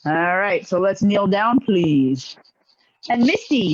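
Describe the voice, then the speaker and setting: A man teaching a karate class online, giving brisk, encouraging commands. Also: high voice, expressive. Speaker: karate instructor. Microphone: video call. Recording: lo-fi video call audio.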